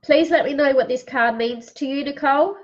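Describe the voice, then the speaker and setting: A woman's voice: high-pitched, a little fast, lo-fi sound. Woman reading out affirmation cards. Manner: reads affirmations aloud, addresses viewers by name. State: sniffling. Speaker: psychic card reader. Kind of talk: live-streamed card reading.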